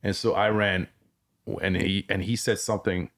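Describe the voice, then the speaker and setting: Male podcast guest, army veteran, lowish voice, halting and reflective. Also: level tone, a bit bright. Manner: halting, restarts often. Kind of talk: casual conversation.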